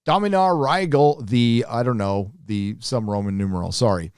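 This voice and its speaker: A man hosting a live stream reads viewer donations aloud and responds with joking, profane, rambling asides in a casual chat. His voice is medium-pitched, slightly mellow and clean, at a normal speed. The recording is dry and studio quality.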